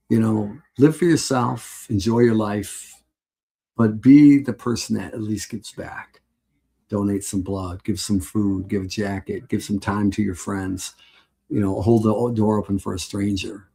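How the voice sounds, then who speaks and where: A middle-aged man hosts a casual live stream. His low voice is gravelly and husky, and he rambles along in a heartfelt way, often breaking into laughter. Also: darkish tone.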